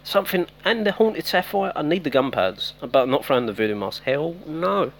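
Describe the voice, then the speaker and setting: A chatty male game streamer gives casual live-stream commentary, greeting chat, addressing viewers by name, and teasing himself. His slightly high, creaky voice is animated and moderately paced, picked up by a home mic with faint noise.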